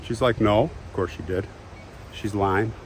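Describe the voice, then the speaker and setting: Animated male history storyteller. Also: lowish voice, measured pace, a little hiss or hum. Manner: animated, acts out quotes in passing. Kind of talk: casual dramatic retelling.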